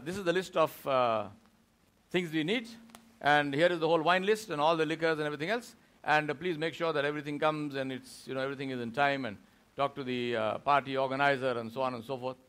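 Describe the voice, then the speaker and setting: A man's voice: a little high, fast. A man giving a Friday sermon in a mosque, telling a story and acting out the voices of its people. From India. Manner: animated storyteller who acts out the voices of people in his story.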